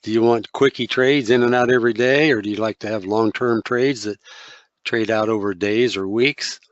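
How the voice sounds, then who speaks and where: A man's voice: on the low side, steady tone, moderate pace, no echo. A man co-hosting a webinar, relaying audience questions in casual chat. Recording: dry, dull lo-fi online audio.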